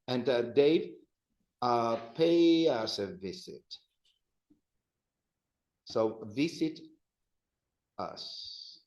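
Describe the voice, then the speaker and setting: A man's voice: mid-range voice, lively intonation, extremely slow, pauses often, darkish tone, roomy sound, low-quality recording. A man teaching a language class, patiently repeating phrases for his students to drill. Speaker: Spanish teacher.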